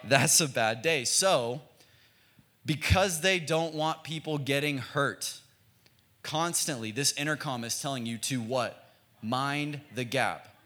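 Young American pastor, bright, lively tone, easygoing and jokey, pulls the congregation in to answer back. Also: male voice, mid-range voice, unhurried. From United States. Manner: casual, joking, calls for congregation responses. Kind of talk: sermon.

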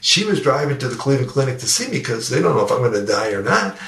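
A man's voice: mid-range voice, sing-song, fast talker, creaky, fairly bright tone. An older man, a guest educator and speaker, earnestly telling a personal story in a podcast interview and often repeating his words. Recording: roomy sound, distant from the mic.

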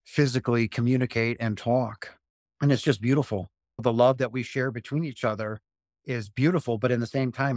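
Man, 50s, earnest, repetitive, mid pitch, dry room. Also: no room sound. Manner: earnest, repeats phrases, slows for emphasis. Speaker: guest. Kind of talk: spiritual interview talk.

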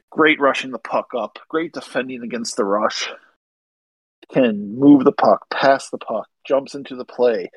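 A man's voice: medium pitch, breathy edge, no echo, poor audio. A man co-hosting a casual sports podcast, talking eagerly and gushing about players he likes. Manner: enthusiastic, gushing about prospects. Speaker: podcast co-host. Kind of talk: casual hockey podcast chat.

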